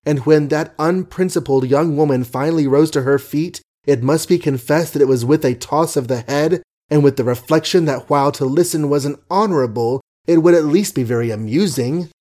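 A man reading a novel aloud as an audiobook narrator, measured, wry and ornate. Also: on the high side, warm tone.

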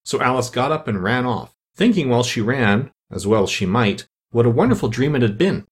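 A man's voice: medium pitch, animated, a little fast. A man narrating a children's storybook as an audiobook, reading expressively.

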